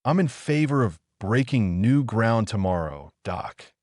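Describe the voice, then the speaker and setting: A man's voice: fairly low pitch, big pitch swings, a little slow, darkish tone, no room sound, clean studio sound. A man voicing a brash, bossy backwoods hunting guide with a nasal, folksy drawl, for an audiobook.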